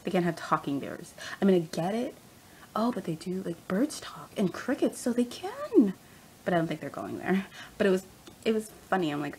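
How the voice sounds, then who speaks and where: A young woman ranting casually as a fan vlogger, animated and rambling, laughing often. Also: medium pitch, brisk, slight background noise, low-quality recording. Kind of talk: casual rant.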